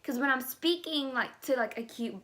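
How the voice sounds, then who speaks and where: A woman's voice: high-pitched, moderate pace, sharp tone. A woman in her twenties from the United States with an articulation disorder that gives her speech sounds unusual, chatting candidly to camera. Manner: chatty, candid, many fillers. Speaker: vlogger. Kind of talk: casual chat to camera.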